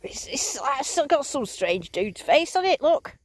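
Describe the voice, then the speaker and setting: A woman vlogging outdoors in a field, giving bubbly, excited running commentary as she digs and talking to her finds. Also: high voice, a little slow. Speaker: metal detecting vlogger.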